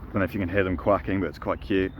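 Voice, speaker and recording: A man's voice: deep voice, steady tone, rapid-fire. A man vlogging outdoors by a pond, rambling and joking as he chats to the ducks. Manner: rambling, jokey, talks to the ducks. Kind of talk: casual outdoor vlog. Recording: noisy outdoor street sound.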